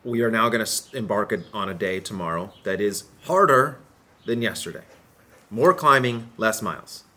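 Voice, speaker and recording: A man with a lowish voice, speaking candidly and emotionally as a cyclist in a vlog. He talks in a halting way and often restarts his sentences. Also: animated, pushed and bright.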